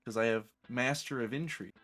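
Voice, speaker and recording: A man playing a tabletop game, explaining his plan in a relaxed, chatty way. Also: mid-range voice, fairly quick. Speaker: player. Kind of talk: casual tabletop play.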